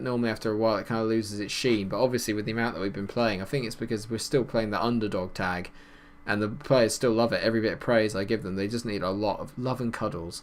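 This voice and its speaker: A man giving casual, chatty commentary over a football management game, calling plays and getting excited at goals. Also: lowish voice. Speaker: gaming YouTuber.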